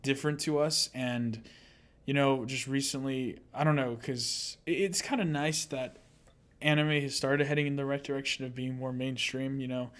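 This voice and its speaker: A man's voice: mid-range voice, fairly even intonation, normal speed, a bit bright. A young man co-hosting a casual podcast, laid-back, laughing often and trailing off with fillers. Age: young adult. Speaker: podcast co-host. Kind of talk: casual chat.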